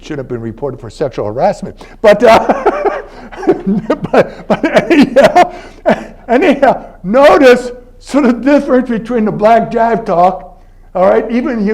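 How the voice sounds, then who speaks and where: Older man lecturing, conversational and lively. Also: high-pitched. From Philadelphia, United States. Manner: conversational, anecdotal, laughs between points. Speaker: university professor giving a lecture. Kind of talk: academic lecture. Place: university library event space.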